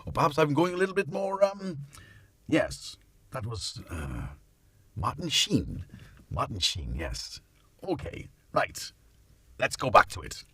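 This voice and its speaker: A man's voice: fairly high pitch, huge pitch swings, measured pace, husky, no room sound. A Welsh man hosting a casual livestream from a home studio, thinking aloud in a rambling, self-mocking way. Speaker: synth livestream host. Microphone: studio dynamic mic. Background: loud synthesizer playing.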